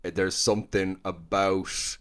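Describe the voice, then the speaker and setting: Chatty Cork man, lowish voice. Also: little pitch movement, unhurried, fairly bright tone, clean tone. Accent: Cork Irish. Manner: rambling, filler-heavy, laughing. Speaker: comedian guest. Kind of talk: casual chat.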